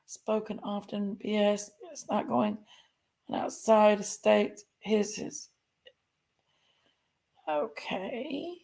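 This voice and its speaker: Woman, livestream host, gravelly fry, folksy rambling delivery. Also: mid-range voice, very slow, pauses often, a little mellow. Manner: rambling, folksy, talks to chat. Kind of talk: casual livestream chat.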